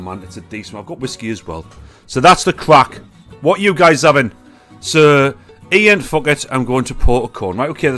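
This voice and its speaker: Northern english bloke hosting a live chat, sweary and rambling, bit of guitar faint behind. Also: male voice, medium pitch, a bit bright. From Northern England. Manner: chatty and sweary, with loose banter. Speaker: podcast host. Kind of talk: casual live-stream chat.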